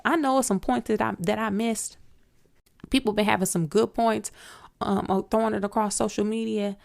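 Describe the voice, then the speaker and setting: A woman's voice: medium pitch, normal speed, vocal fry. A woman hosting a solo commentary podcast, outspoken and emphatic, talking straight to her listeners. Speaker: podcast host.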